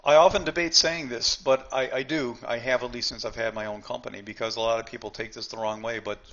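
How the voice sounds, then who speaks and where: A man's voice: medium pitch, fairly even intonation, fast, a bit bright. A man teaching a live trading seminar, blunt and emphatic, often repeating himself and talking straight to the group.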